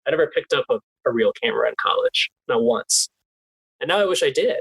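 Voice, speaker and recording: Animated young man, dry close sound. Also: mid-range voice, a little fast, gravelly, breathy edge, dry recording, rough recording. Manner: animated, laughs often, restarts. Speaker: guest, team PR specialist. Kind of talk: casual interview chat.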